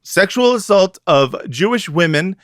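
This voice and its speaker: A man's voice: sits high, animated, unhurried, fairly bright tone, no room sound, studio quality. A man co-hosting a podcast, reading an article aloud with mock drama and sarcastic asides. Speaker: podcast co-host. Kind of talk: casual chat, reading an article aloud mockingly.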